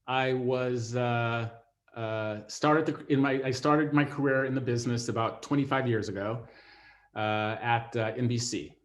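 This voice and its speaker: A man's voice: mid-range voice, fairly even intonation, a little slow. A middle-aged man, a TV writer, telling a personal story with many fillers and restarts. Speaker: TV writer and former network executive.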